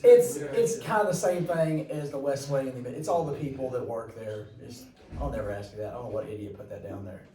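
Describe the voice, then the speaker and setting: A man's voice: mid-range voice, fairly quick, dark tone, reverberant, recorded from a distance, low-quality recording. A man teaching a class, chatty and rambling, with jokey asides to his students. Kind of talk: classroom lecture.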